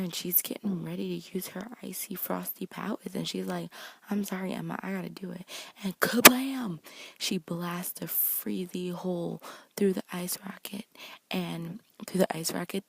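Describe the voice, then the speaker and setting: Gravelly, husky woman recapping fast. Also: lowish voice, no room sound. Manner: fast, slangy, animated retelling, paraphrasing characters' lines. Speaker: TV episode recapper. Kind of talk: casual recap vlog.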